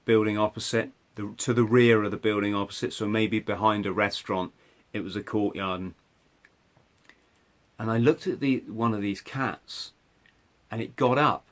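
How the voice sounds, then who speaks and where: A man's voice: fairly low pitch, fairly even intonation, moderate pace. Man telling a personal story. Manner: conversational, many restarts and "right?" asides. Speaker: podcast host.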